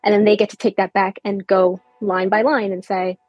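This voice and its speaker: A woman's voice: medium pitch, flat delivery, moderate pace, slightly rough, no echo, lo-fi sound, soft background music. A woman book editor chatting on a podcast, explaining her editing process step by step. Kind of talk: casual podcast chat.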